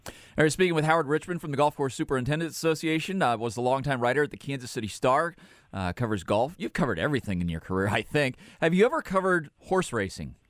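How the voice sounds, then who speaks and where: A man's voice: medium pitch, lively intonation, fast talker, fairly bright tone, no room sound. Easygoing male radio host, chatty, laughs easily, dry close sound. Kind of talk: casual radio interview.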